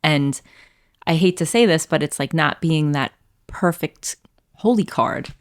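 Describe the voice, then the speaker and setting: A reflective woman co-hosting a faith podcast, with a notably low voice. She speaks earnestly and warmly affirms the others. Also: lively intonation, a little slow. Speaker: podcast co-host. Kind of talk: casual faith discussion.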